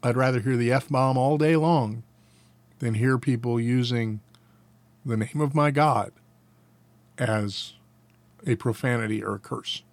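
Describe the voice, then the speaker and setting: A man's voice: medium pitch, unhurried, long pauses, no room sound. Male Bible teacher reading catechism answers with folksy, chuckling asides; mid-range voice, dry recording. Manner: reads answers, then adds folksy chuckling commentary. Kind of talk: catechism lesson with casual asides.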